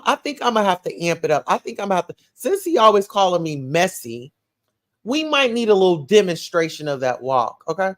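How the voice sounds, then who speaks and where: A woman from Atlanta with a Southern accent, hosting a livestream, reading comments and dishing gossip in a sassy, animated way. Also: fairly low pitch. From Atlanta, USA. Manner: sassy, animated, calls listeners child and baby.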